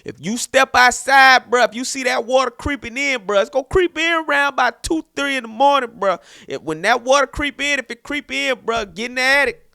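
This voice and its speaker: A man's voice: extremely high pitch, a little fast, gravelly, pushed and bright, smooth, no echo, studio quality, pitched above the performer's own voice, heavily acted. A man voicing a streetwise male city worker who gives urgent, emphatic advice.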